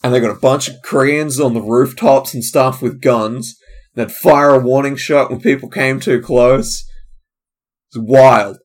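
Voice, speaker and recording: A man's voice: mid-range voice, fairly even intonation, a little slow. Casually rambling man hosting a podcast. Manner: casual, loose and digressive, trailing off, many fillers. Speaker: comedian and podcast host. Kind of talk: rambling solo podcast chat.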